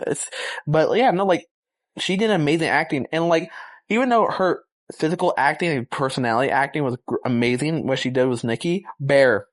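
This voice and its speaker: Young male vlogger, slightly high voice, rambling excited movie review, slangy and loose. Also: moderate pace.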